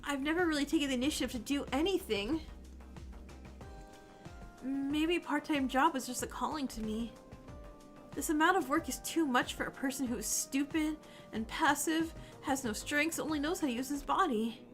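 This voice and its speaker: A woman's voice: high-pitched, normal speed, a bit bright, soft background music. A woman voicing a gloomy, self-loathing young man from a game, read aloud in her own voice. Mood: despairing.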